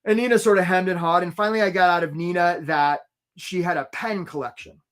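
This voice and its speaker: A man's voice: high-pitched, fairly quick. Chatty man hosting a live webinar. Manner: lively, chatty, greets viewers from the chat by name; tells stories to make his points.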